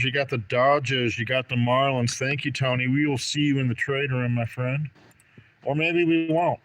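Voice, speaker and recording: A man's voice: mid-range voice, background noise. A man hosting a live trading card break stream, chatting and joking with viewers by name as he calls out draws. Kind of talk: casual live-stream commentary.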